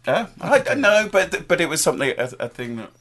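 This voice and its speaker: A man co-hosting a casual football chat, throwing in quick quips and trailing off mid-thought. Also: a little high, big pitch swings, a bit bright. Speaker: football podcast co-host.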